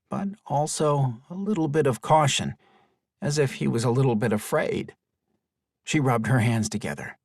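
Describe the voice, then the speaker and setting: Male storybook narrator, animated pitch, mid voice, dry booth recording. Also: no echo. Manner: expressive storytelling. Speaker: audiobook narrator. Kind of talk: scripted narration.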